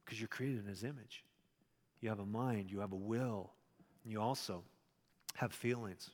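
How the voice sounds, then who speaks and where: A male pastor preaching a sermon in a conversational way, with loud emphatic stretches and quiet asides. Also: fairly low pitch, steady tone, moderate pace, long reverb tail.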